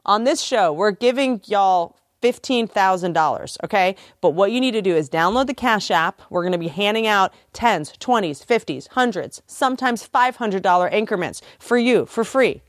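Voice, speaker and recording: A woman's voice: medium pitch, lively intonation, no room sound, clean studio sound. A woman hosting a podcast, reading a sponsor ad in a playful, joking way and laughing often. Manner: joking, laughs often, rushes through ad copy. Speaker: podcast host. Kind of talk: playful ad read.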